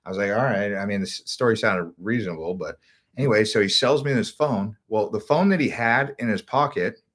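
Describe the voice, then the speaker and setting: Man, lowish voice, travel vlogger, casual rambling storytelling, loose and unpolished. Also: a little fast, fairly bright tone. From United States. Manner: rambling, loose delivery, many "like" fillers and restarts.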